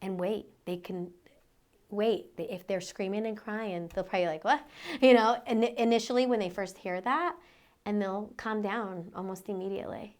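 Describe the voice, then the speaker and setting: A woman in her thirties, a teacher and mother, speaking as a podcast guest in an animated, emphatic way. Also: mid-range voice. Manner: animated, emphatic, quick to agree. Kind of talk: casual conversation.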